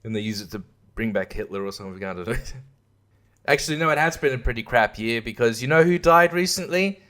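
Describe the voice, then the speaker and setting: A man's voice: medium pitch, animated, a little fast, a bit bright. An Australian man hosting a podcast, ranting in a casual monologue that is profane and sarcastic, laughing often. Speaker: podcast host and comedian.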